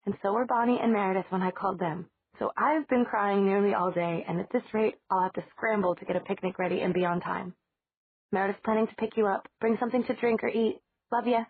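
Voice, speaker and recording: Teasing young heroine, smug and breathy, read by a woman, over a dry, tinny line. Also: mid-range voice, fairly even intonation, a little fast. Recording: dry, tinny phone-like audio.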